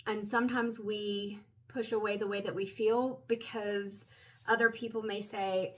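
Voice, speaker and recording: A woman at home giving a private tarot reading, talking in a gentle, meandering, explanatory way. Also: medium pitch, flat delivery, a little slow, rough recording. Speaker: tarot reader.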